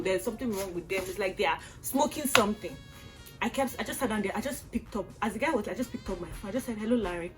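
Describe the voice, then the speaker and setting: A young Nigerian woman with a Nigerian accent tells a storytime vlog, animated and exasperated, acting out outbursts. Her voice sits at a medium pitch.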